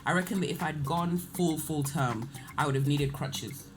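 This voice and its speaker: A woman, a podcast host, talking in an expressive, conversational way. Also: low voice, normal speed, music in the background. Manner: expressive, conversational, laughs readily. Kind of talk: casual chat.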